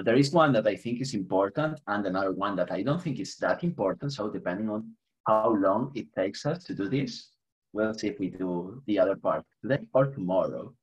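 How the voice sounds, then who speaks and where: Teaching English online, a Spanish man with a Spanish accent mixes both languages, chuckles now and then, and keeps the humor light. His voice is fairly low with a breathy edge, and the audio is poor.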